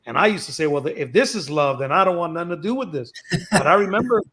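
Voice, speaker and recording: A man's voice: fairly high pitch, animated, quick pace, sharp tone. A man who is a pastor, speaking in an earnest, preacherly way as he shares his testimony. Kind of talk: reflective testimony.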